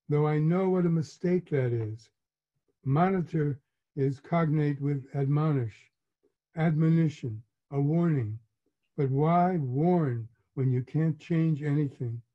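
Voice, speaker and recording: A male author reading his memoir aloud in a measured, wry, reflective manner, on a dull lo-fi recording. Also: on the high side.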